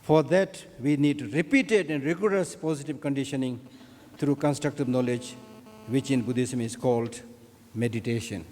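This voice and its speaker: A man's voice: mid-range voice, a little mellow. Man speaking in a reverberant hall. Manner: measured, deliberate delivery with emphatic repetitions. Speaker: speaker at an opening ceremony. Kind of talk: formal speech on Buddhism and knowledge.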